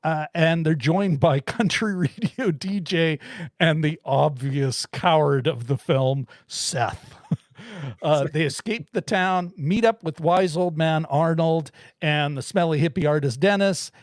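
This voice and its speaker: A man's voice: fairly high pitch, measured pace, dry recording, clean studio sound. A man co-hosting a film podcast, chatting casually and rambling with frequent laughs and restarts. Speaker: podcast co-host reviewing a film. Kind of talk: casual chat.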